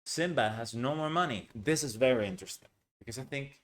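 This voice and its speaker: In an online lesson, a man teaches English pronunciation in a bright-ish, medium-pitched voice with lively intonation and a brisk pace. He's chatty and blunt, tossing in opinionated asides and checking in often with "right?" and "okay?"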